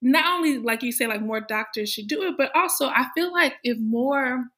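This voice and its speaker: A woman's voice: high voice, normal speed, pushed and bright. A woman hosting a podcast, asking questions eagerly and thinking aloud with lots of "like". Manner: enthusiastic, thinks aloud with fillers. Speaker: podcast host. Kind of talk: conversational interview.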